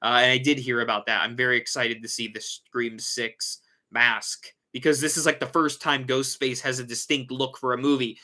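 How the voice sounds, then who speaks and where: A man's voice: medium pitch, little pitch movement, moderate pace, sharp tone. A man hosting a casual livestream, rambling and correcting himself as he reads and answers viewer questions. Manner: rambling, self-correcting, yawning. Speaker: host.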